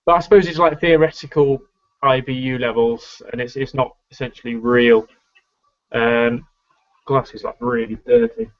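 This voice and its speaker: A man's voice: medium pitch, animated, moderate pace, dull audio. A man chatting as a guest at a beer tasting, hesitant and often correcting himself. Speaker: guest co-taster. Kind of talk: casual beer tasting chat.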